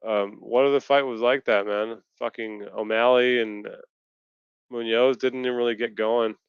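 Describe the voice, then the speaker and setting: A man's voice: mid-range voice, fairly even intonation, normal speed, clear, resonant tone, dry recording, highs cut off. A man on a casual video-call chat, ranting and swearing in frustration. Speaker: podcast co-host. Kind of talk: casual post-fight chat.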